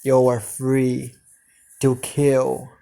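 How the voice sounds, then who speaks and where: A man voicing a villainous girl who speaks in a slow, flat, robotic way in a spoken fan story. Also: mid-range voice, vocal fry. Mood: cold.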